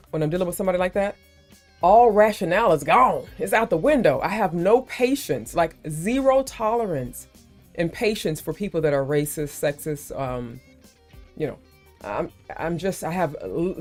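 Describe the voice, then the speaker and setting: Animated grandmother hosting a live chat. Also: fairly low pitch, soft background music. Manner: animated, emphatic, quick to heat up. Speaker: live stream host. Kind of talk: casual live stream chat.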